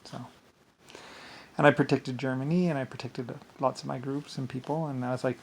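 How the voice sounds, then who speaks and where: A man's voice: mid-range voice, moderate pace, vocal fry, darkish tone. Rambling man who laughs a lot. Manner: meandering, laughs often, keeps saying "anyway". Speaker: vlogger. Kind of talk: rambling monologue.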